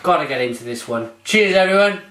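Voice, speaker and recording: A man's voice: on the high side, animated, brisk, pushed and bright, reverberant. Gushing man reviewing beer. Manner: gushing, exclamatory. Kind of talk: casual beer review vlog.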